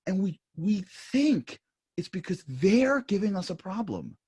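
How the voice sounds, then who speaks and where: A man on a panel talks in earnest, confessional bursts and repeats himself as he goes. His voice is a little husky, sits fairly high, and rises and falls widely. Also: very animated, a little mellow. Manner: earnest, confessional, speaks in quick bursts with repetitions. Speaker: panel speaker. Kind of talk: impassioned panel talk. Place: livestream studio panel.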